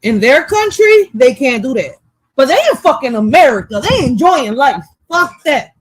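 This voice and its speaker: A woman's voice: sits high, very animated, moderate pace, slightly rough, dry recording. A woman co-hosting a casual talk show, blunt and swearing freely, laughing often. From Puerto Rican background, raised in Philadelphia. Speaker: co-host. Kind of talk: casual profane chat.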